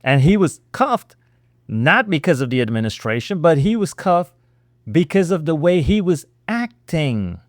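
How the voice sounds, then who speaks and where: A man hosting a political reaction show, talking in a sarcastic, animated way with many rhetorical questions. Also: fairly high pitch, unhurried, no echo, clean studio sound. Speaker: host.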